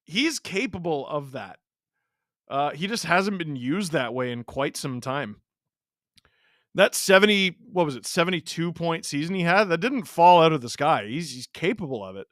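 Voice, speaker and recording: A man hosting a live hockey watch-along, giving excitable play-by-play reactions and sarcastically heckling the referees. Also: a little high, no room sound, studio quality.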